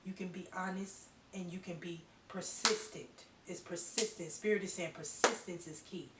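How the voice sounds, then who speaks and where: A woman's voice: lowish voice, steady tone, normal speed. A woman giving a channeled psychic reading to viewers, talking emphatically and bluntly, repeating herself and swearing. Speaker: psychic reader. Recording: roomy echo from a distant mic with faint hiss.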